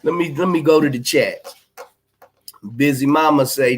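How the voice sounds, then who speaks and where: A man's voice: a little high, measured pace. A middle-aged man, hosting a livestream and reading out chat comments in a blunt, emphatic, profane way. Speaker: livestream host.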